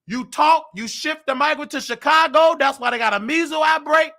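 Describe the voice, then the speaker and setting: A man with a very high, bright, sharp-edged voice, worn hoarse from shouting. He rants in indignant commentary, breaking into shouts. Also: moderate pace. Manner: heated, indignant, bursts of shouting. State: hoarse, losing his voice. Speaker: nursing aide and show host. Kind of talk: ranting commentary.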